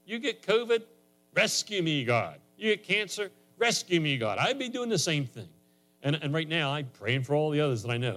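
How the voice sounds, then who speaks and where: A man preaching a sermon in a conversational way, his voice rising higher and louder on emphatic lines. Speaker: pastor.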